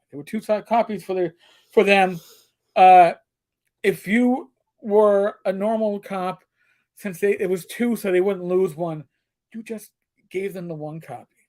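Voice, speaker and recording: A middle-aged co-host tells stories in casual chat, crude and joking, now and then slipping into put-on voices. His voice sits high with a darkish tone and a moderate pace.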